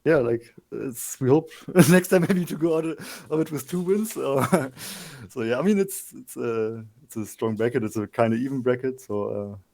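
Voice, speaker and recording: A man on a competitive team answering interview questions in a relaxed, easygoing way with light laughs. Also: mid-range voice, normal speed, creaky, hardly any pauses. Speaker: team player being interviewed. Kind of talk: casual esports interview.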